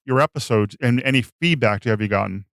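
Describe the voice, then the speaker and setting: A man hosting a podcast in a quick, chatty way, laughing along with his guest. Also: medium pitch, creaky, a bit bright, no room sound, clean studio sound. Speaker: podcast host. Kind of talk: casual interview chat.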